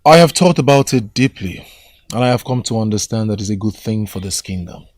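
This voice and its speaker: An actor playing a young prince, speaking firmly and with measured resolve. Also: male voice, on the low side, animated, a little mellow, no room sound, studio quality. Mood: resolute. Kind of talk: Nollywood film acting.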